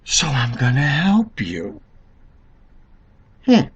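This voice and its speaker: A man's voice: medium pitch, wildly swooping pitch, extremely slow, slightly rough, muffled recording. A man of Italian heritage giving a rambling, sarcastic political commentary monologue, talking straight to the listener.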